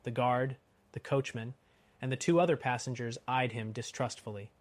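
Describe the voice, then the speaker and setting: A man narrating a classic novel in a steady, expressive audiobook reading. His voice sits at a middle pitch. The recording is dry and close. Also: moderate pace, no echo. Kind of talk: scripted narration.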